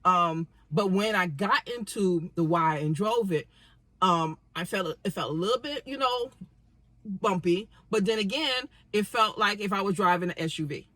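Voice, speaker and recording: Chatty middle-aged woman with a bright voice. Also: mid-range voice, moderate pace, dry recording. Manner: chatty storytelling with many fillers. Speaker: podcast co-host. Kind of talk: casual chat. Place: inside a parked car.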